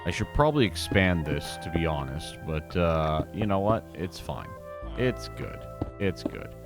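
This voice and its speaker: A man's voice: sits low, very animated, a little slow, music in the background. A man hosting a gaming video, giving casual gameplay commentary in a chatty, self-mocking way and talking straight to his viewers.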